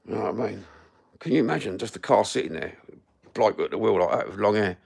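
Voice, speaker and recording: A man's voice: lowish voice, lively intonation, fast talker, gravelly, darkish tone, husky. A middle-aged man with a Cockney accent, rambling through sweary stories on a livestream. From East London, England. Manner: sweary, rambling, matter-of-fact. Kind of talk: rambling storytelling.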